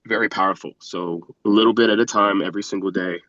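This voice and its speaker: A man on a group video call who talks haltingly, stammering and sounding moved. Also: lowish voice, fairly even intonation, fairly bright tone, dry recording. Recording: dull lo-fi call audio.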